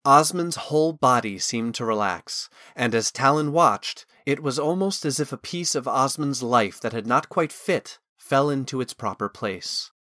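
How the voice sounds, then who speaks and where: A man narrating a fantasy novel as an audiobook, with measured, expressive storytelling. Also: mid-range voice, no room sound, studio quality. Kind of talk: scripted narration.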